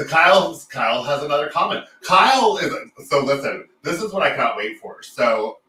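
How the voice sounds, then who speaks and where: A man hosting a casual chat, animated and jokey, quick to interrupt and laugh. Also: medium pitch. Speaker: podcast host. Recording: roomy, distant mic with faint room noise.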